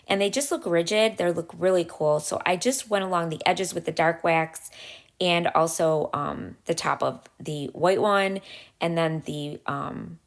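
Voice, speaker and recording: Low, gravelly-voiced woman explaining crafts. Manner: chatty, step-by-step, frequent "um" pauses. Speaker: craft channel host. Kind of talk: casual craft tutorial voice-over.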